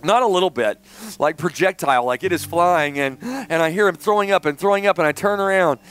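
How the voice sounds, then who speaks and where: A middle-aged man preaching a sermon in church, telling a personal story and swinging between loud emphasis and hushed, tender passages. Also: high voice, fairly quick, clean tone. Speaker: pastor. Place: church sanctuary.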